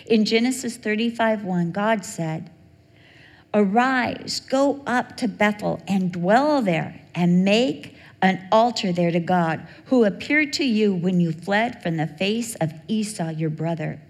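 A woman preaches in a big, echoing church space, her sermon full of lively stories. She acts out the people she talks about, switching voices as she goes. Her pitch sits in a middle range for a woman, and the long reverb carries each phrase out into the hall. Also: takes it slowly. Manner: animated storytelling, acts out quoted voices. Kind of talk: sermon with storytelling.

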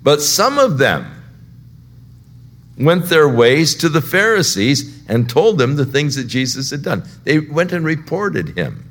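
A man preaching a verse-by-verse Bible teaching sermon, conversational and unhurried, rising louder at dramatic points. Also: fairly high pitch, sing-song. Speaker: pastor.

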